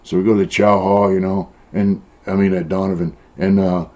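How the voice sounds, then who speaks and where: A man's voice: low voice, flat delivery, a little fast, mellow. An older man from San Diego telling prison stories in a blunt, profane way, with many "uh" and "you know" fillers. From San Diego, Southern California. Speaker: former prisoner interviewee. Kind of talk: casual storytelling. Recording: dull lo-fi sound.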